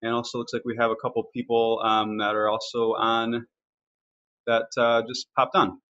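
A man walks students through violin technique in a live online lesson. He talks casually and pauses with fillers. His mid-range voice comes through muffled webinar audio. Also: medium pitch. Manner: relaxed, explanatory, with fillers. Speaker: violin teacher.

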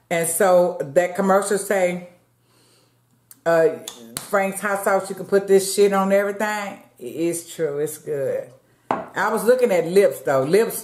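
In an echoey room, a mukbang vlogger with a deep, slightly mellow voice chats casually to her viewers, calling them y'all and eating between lines.

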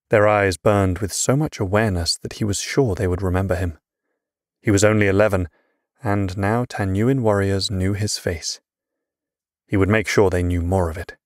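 Male audiobook narrator, low register, measured delivery, dry close-miked studio read. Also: no echo. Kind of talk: scripted fantasy narration.

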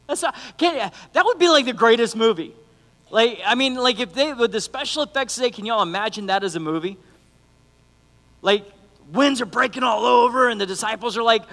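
A middle-aged man preaching a lively sermon as youth pastor, joking and acting out the people in his stories. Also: very high voice, moderate pace. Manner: animated, acts out quotes, joking asides. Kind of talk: energetic sermon. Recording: long reverb of a church hall.

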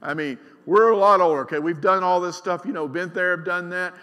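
A middle-aged man preaching a sermon as pastor. He is emphatic, swings between loud and quiet, and keeps asking the congregation questions. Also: high voice, fairly even intonation, fairly quick, clean tone. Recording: long reverb of a large church hall.

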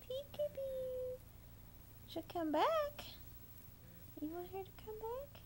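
A woman's voice: very high-pitched, sing-song, slow, a little hiss or hum. A woman talking to her baby in sing-song, cooing baby talk. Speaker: mother.

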